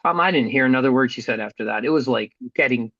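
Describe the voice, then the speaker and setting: A man's voice: mid-range voice, fast talker, a bit bright, no room sound, lo-fi sound. A middle-aged man telling a hard personal story as a guest, earnest and blunt, with some casual swearing. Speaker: podcast guest.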